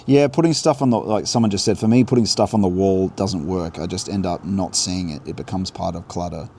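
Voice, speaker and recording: A man's voice: low-pitched, a little mellow, husky. A man giving an earnest, unscripted spiritual talk on a livestream outdoors by a river, musing and restarting his thoughts as he goes. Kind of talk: unscripted religious teaching on a livestream. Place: outdoors beside river rapids. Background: faint rushing water.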